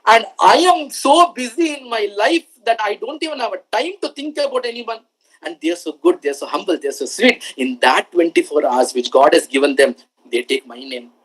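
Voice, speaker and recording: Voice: mid-range voice, fairly bright tone, low-quality recording. A motivational speaker addresses a room of students. The talk moves in emphatic, repeated phrases, with frequent questions thrown at the listeners. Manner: emphatic, repeats lines for effect, asks the audience questions.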